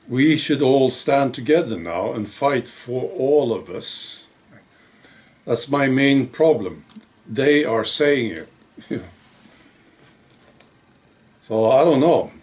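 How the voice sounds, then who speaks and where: A man talks at an unhurried, deliberate pace in a casual monologue to camera. He sounds wry and exasperated, and he keeps checking in with rhetorical questions. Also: mid-range voice, a little mellow. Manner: rhetorical, frequently asking "right?". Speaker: video blogger.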